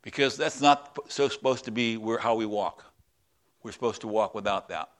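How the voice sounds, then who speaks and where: A male pastor preaching a sermon in a conversational way, with halting restarts and drops into quiet, prayerful tones. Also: lowish voice.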